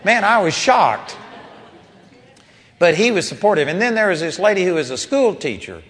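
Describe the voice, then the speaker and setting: A man preaching a sermon, telling a personal story with animated rises and quiet drops when quoting people. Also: sits high, moderate pace. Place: large seminar hall. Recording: long reverb of a large hall.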